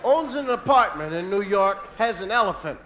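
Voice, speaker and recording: A man doing stand-up comedy, telling animated stories and jumping between impressions. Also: high-pitched, moderate pace.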